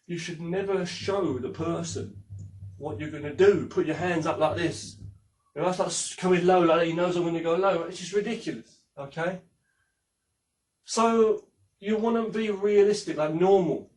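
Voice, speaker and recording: In a casual spoken lesson, a man with a high-pitched, darkish voice rambles through martial arts instruction at normal speed. He demonstrates techniques while talking and swears freely, and his voice is picked up from some distance away.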